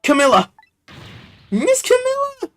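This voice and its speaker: Guy putting on a frantic little girl dog voice, super high and shrill, faint music behind. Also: wildly swooping pitch, unhurried, exaggerated voice. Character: small excitable female dog.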